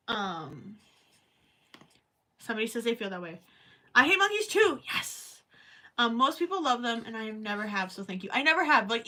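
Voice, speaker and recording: A woman's voice: medium pitch, bright, forceful tone. A woman hosting a crochet livestream at home, rambling and thinking aloud as she works and chats with viewers. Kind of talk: casual chat while crocheting, reading live chat.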